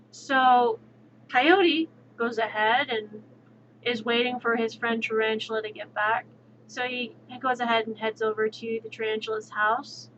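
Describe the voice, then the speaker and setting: A woman streamer telling folk stories casually, slow and thoughtful with many fillers. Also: fairly high pitch, a bit bright, dull audio, a little hiss or hum. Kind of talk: casual storytelling.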